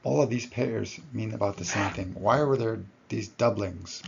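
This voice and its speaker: A man's voice: fairly low pitch, moderate pace, creaky, lo-fi sound, a little hiss or hum. A man giving a recorded lecture to his students, explaining step by step and correcting himself as he goes.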